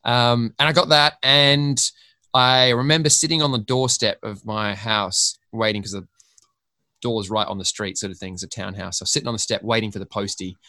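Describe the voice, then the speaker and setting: A man's voice: fairly low pitch, steady tone, moderate pace, sharp tone, dry recording. An Australian man, a podcast guest, rambling through a story in casual chat and swearing freely.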